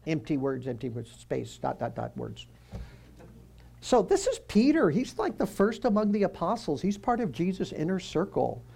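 A man's voice: sits high, very animated, moderate pace, gravelly, darkish tone, husky. A man giving a conversational Bible teaching. He quizzes his listeners and drops joking asides as he walks through the passage.

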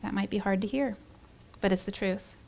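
A woman giving an earnest devotional Bible teaching, with many pauses, fillers and restarts. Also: medium pitch, vocal fry. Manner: earnest, warm-hearted, with frequent fillers and restarts.

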